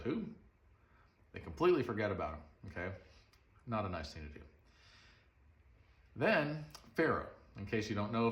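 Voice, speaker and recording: A man's voice: fairly low pitch, a bit bright. A male preacher retelling a story in a conversational sermon, full of rhetorical questions. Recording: roomy echo.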